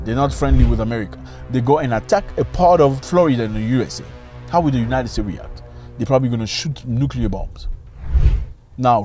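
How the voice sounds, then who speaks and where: Here a man argues about current events in an opinion video, stacking up rhetorical questions with real emphasis. His pitch rises and falls a lot, and the voice comes across slightly mellow.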